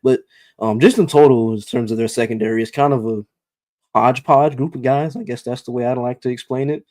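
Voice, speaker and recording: Casting: man, podcast co-host breaking down a matchup, measured, close dry mic. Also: mid-range voice, fairly even intonation, darkish tone, no echo. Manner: measured, lots of "um" and "you know". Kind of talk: casual sports analysis.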